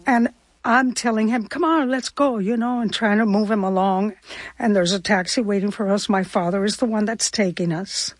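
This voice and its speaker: Older woman from Cuba, slightly husky voice, middle pitch, heartfelt reflective storyteller. Her voice is recorded close and dry, with no room sound around it. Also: steady tone, normal speed, dry recording. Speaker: guest. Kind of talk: personal storytelling interview.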